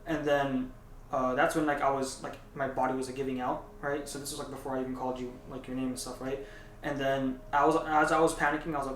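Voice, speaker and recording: A young man telling a story in casual chat, animated and tagging his lines with "right?". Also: medium pitch, fast talker, slight background noise. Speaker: vlogger. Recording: echoey room, mic at a distance.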